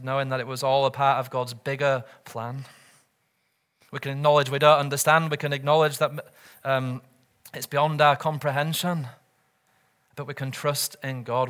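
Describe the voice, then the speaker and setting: A man's voice: mid-range voice, fairly bright tone. A man preaching a sermon as pastor, earnest, often asking the congregation rhetorical questions. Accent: British or Commonwealth English.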